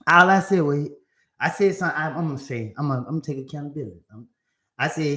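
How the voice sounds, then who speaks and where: A man telling a story to an audience in animated, casual vernacular, often repeating himself. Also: fairly high pitch, fast talker. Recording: roomy echo.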